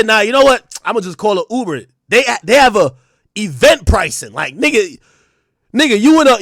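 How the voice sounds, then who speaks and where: A man in his thirties riffs to his live chat in a loose, profane rant. His voice sits high, and he swings between loud, mocking outbursts and low, mumbled asides. The sound is dry and close, with no room around it. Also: no room sound. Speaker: streamer.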